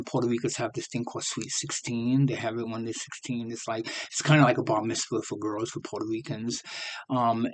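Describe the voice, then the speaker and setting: A man's voice: mid-range voice, poor audio. A man, recounting his youth in a loose, rambling way. His voice sits in a plain middle range. He chuckles often as he talks. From New York City. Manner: rambling and animated, laughs often mid-sentence. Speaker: storyteller. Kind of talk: casual personal storytelling.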